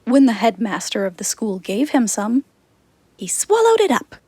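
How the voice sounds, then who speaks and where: A woman narrating a children's fairy tale in a slow, expressive reading. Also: a little high, a little hiss or hum. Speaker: storyteller.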